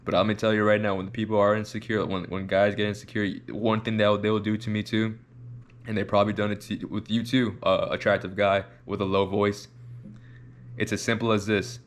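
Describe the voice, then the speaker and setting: A man with a fairly low voice talks through a reaction video in casual, rambling commentary. He restarts and repeats words as he works his ideas out. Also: flat delivery, a little fast.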